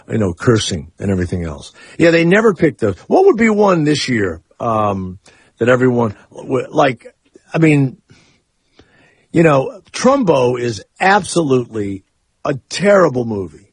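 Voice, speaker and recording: A man's voice: medium pitch, sing-song, measured pace, husky, no room sound. A man hosting a radio talk show, rambling and opinionated in casual chat. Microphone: studio microphone.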